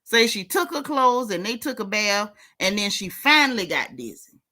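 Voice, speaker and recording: A woman's voice: mid-range voice, sing-song, normal speed, pushed and bright. A woman hosting a gossip vlog, talking straight to her viewers in sassy, teasing, slangy casual speech. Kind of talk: casual celebrity gossip commentary.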